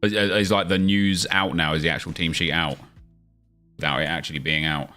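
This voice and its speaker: A man's voice: low voice, steady tone, moderate pace, pushed and bright, faint music behind. A young man chatting casually on a live stream, answering viewer questions as he plays a football game.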